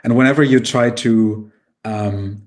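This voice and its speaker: A man's voice: lowish voice, measured pace, a little mellow. A man co-hosting a podcast, reflective and searching for his words with many fillers and restarts. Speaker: podcast co-host. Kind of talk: casual podcast discussion.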